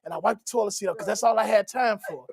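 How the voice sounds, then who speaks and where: A man's voice: sits high, fast, gravelly, slightly rough, no room sound. Laughing male comic storyteller. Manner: animated, laughing through his own crude stories; acts out other people's lines in raised voices. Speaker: comedian and pastor guest.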